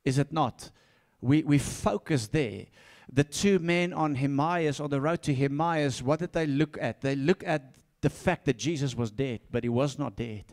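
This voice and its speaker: A man preaching a sermon, swinging between soft asides and loud, repeated calls, often laughing and stumbling over his words. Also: on the high side, normal speed, few pauses. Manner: laughs often, stumbles and restarts when fired up. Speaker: pastor.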